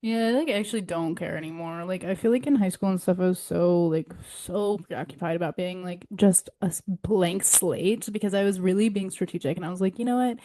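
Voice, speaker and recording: A woman's voice: fairly low pitch, brisk, hardly any pauses, warm tone, dry recording. A young woman co-hosting a podcast in casual chat, telling candid stories full of "like" and acting out what others said. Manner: candid storytelling, many "like"s, mimics others in quotes. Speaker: podcast co-host.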